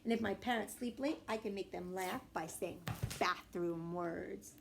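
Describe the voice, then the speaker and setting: A woman reading a children's storybook aloud with expressive narration and lively character voices. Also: a little slow, gravelly, a little hiss or hum. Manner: voices a young girl with bursts of high excitement. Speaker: audiobook reader.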